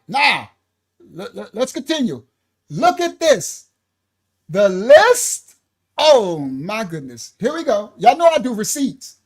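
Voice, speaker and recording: In a livestreamed Bible-history lesson, a ministry teacher with a mid-range voice reads aloud from slides, breaking off to address viewers directly. The delivery is animated and emotional, with bursts of laughter and apologies.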